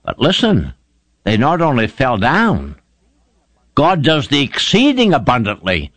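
A man's voice: mid-range voice, huge pitch swings, unhurried, a bit bright, no echo. A man preaching a sermon, retelling scripture stories with fervent, emphatic delivery. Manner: fervent, emphatic storytelling with rising exclamations.

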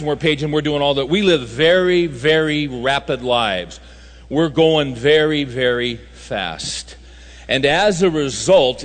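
A man's voice: on the high side, fairly bright tone. A man speaking at a men's conference, telling folksy stories with humor and driving his points home through repetition. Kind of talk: sermon. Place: large conference hall. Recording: reverberant hall recording.

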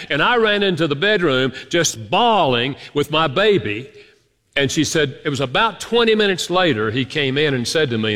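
A man preaching a sermon as pastor, telling stories with lively emphasis and leading the congregation. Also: a little high, normal speed, long reverb tail. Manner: animated storytelling preacher, leads congregation.

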